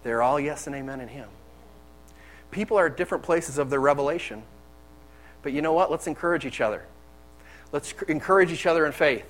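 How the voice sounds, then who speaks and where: High-voiced man preaching a candid sermon. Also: a little fast, long pauses, low-quality recording. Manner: candid, conversational storytelling.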